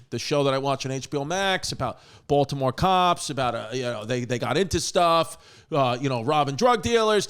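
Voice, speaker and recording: A man's voice: mid-range voice, clean tone. A man hosting a podcast in a casual, joking manner, rattling off dates and teasing his guest. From United States. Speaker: podcast host.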